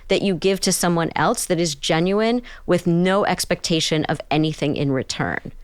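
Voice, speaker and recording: A middle-aged woman speaks as a therapist in an unhurried podcast conversation, her voice smooth and resonant. Now and then she slips into small acted-out examples to make a point. The sound is dry and close, with no room around it. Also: fairly low pitch, dry recording. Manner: thoughtful, explains with acted-out examples. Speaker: psychotherapist and author, guest.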